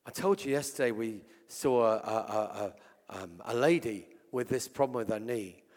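An English man preaching a sermon and telling healing stories, swinging between loud exclamations and hushed asides. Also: fairly low pitch, normal speed. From England. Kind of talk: sermon with storytelling. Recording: long reverb from a large hall.

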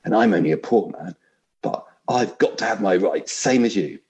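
A man's voice: fairly low pitch, normal speed, a little mellow, highs cut off, natural voice. A man reading aloud and voicing a big, aggrieved male ghost who insists on his rights. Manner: indignant, complaining.

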